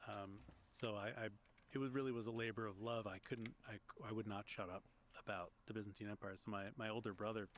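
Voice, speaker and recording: A man speaks in a lowish voice, recalling past events in a relaxed, storytelling way. He restarts his sentences now and then as he thinks aloud during the interview. A faint hiss sits under the recording. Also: quick pace. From Long Island, United States. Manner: storytelling, reflective, with small restarts. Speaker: guest, history podcaster and author. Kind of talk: conversational interview.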